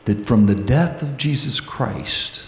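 Slow-preaching man in an echoey church. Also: mid-range voice, animated, a little hiss or hum. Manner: earnest, slow preaching with prayerful pauses. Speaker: pastor. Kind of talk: sermon. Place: church sanctuary.

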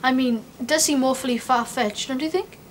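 A woman's voice: high voice, brisk, a little hiss or hum, close to an everyday voice. A woman playing an earnest young schoolboy. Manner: earnest, wide-eyed. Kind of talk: 1970s television drama.

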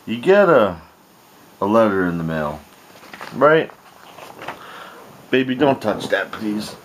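A man rants into his home camera, swearing freely and sounding thoroughly exasperated. His pitch swings widely between grumbling lows and indignant highs, and he restarts his sentences often. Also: very animated, takes it slowly, a little hiss or hum. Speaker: vlogger. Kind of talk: home video rant.

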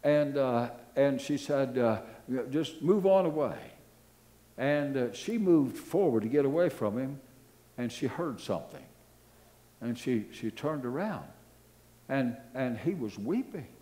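An older pastor preaches unhurriedly in a medium-pitched voice. He tells stories animatedly, circling back to repeated phrases and pausing on fillers.

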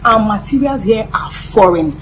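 A woman's voice: a little high, animated, normal speed, fairly bright tone, slight background noise. A woman playing a bossy shop manager. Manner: bossy, scolding, then polite and soothing to customers. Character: bossy female furniture shop manager, quick-tempered. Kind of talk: comedy skit acting.

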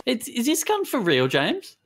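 A man's voice: extremely high pitch, wildly swooping pitch, unhurried, fairly bright tone. A man streaming a beat-making session, teasing and swearing in casual banter. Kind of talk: casual banter, mock ranting. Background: music.

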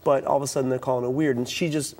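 A middle-aged man from the US East Coast talks in a mid-range voice at a rapid-fire clip, telling stories during a talk-show interview. He's animated, acts out the quoted dialogue, and restarts often. He is a youth speaker.

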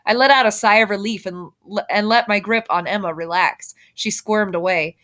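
Expressive woman reading a children's novel. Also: medium pitch, a little fast. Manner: expressive storytelling, lifts her voice for characters. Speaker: teacher reading aloud.

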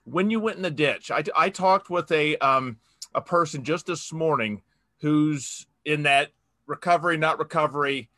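A man's voice: a little high, normal speed, bright, forceful tone, no room sound, studio quality. A man hosting an interview, asking long, rambling questions with many hesitant fillers. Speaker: host. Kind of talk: casual interview talk.

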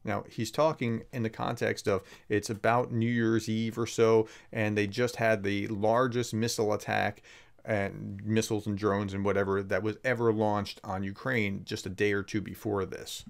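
A man's voice: lowish voice, little pitch movement, moderate pace, creaky. A man, a professor, giving casual video commentary on a clip, conversational with sarcastic, emphatic rises. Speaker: professor explaining war context.

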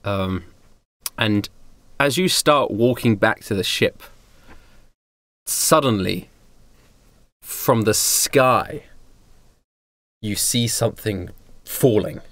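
A man narrating as game master of a tabletop game, halting, with many fillers and restarts. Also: fairly low pitch, a bit bright, dry recording.

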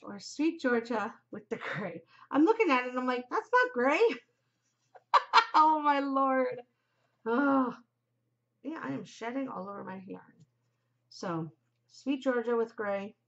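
A woman's voice: a little high, animated, measured pace, vocal fry, dull audio. A middle-aged woman hosting a podcast, chatting casually and giggling, easily distracted. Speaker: podcast host. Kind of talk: casual chat to camera.

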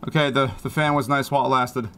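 A man's voice: mid-range voice, steady tone, quick pace, noisy background. A man hosting casual let's-play commentary at home on a desk mic, with goofy, rambling, jokey reactions to the game. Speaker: gaming channel host. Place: home room with a fan. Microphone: desk microphone.

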